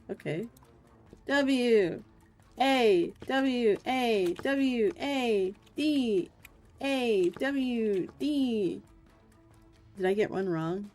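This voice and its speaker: A young woman streamer reads a game's story aloud at an unhurried pace and jokes about her own button presses in between. She sounds playful and self-mocking. Faint music plays under her voice. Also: on the high side, darkish tone, no room sound. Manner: playful, laughs at herself. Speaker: VTuber streamer. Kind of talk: reading a game's narration aloud with playful commentary.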